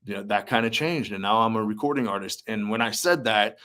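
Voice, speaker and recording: A young man with a slightly low voice recounts meeting his heroes in a relaxed interview. He fills his talk with "like" and "um" and acts out the lines people said. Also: brisk. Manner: animated storyteller, acts out quotes, many fillers. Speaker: musician and army veteran guest. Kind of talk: casual interview storytelling.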